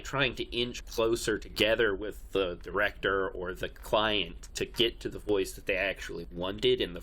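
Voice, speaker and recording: A man's voice: fairly low pitch, pushed and bright. A man who works as a voice actor, chatting casually on a podcast and leaning on fillers. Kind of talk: casual chat.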